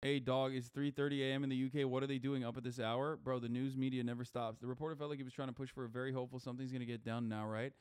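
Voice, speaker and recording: This streamer races through a casual livestream chat with few pauses, reading messages, cursing and filling his speech with fillers. His mid-range voice is level, smooth and darkish.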